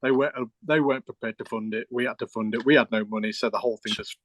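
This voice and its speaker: A man's voice: mid-range voice, steady tone, racing, no echo. A middle-aged man, a keyboard player, telling a rambling story with restarts and quoted dialogue in a casual interview.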